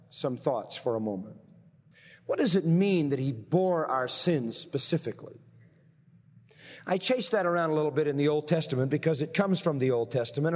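A man preaching a sermon in a church sanctuary, his somewhat high voice trailing off into a long hall reverb. He argues point by point and slows almost to a crawl to press home the key phrases. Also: darkish tone. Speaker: pastor.

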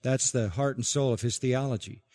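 A man preaching an expository sermon as pastor, emphatic, repeating key phrases and slowing down to stress them. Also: mid-range voice, a little mellow, long reverb tail.

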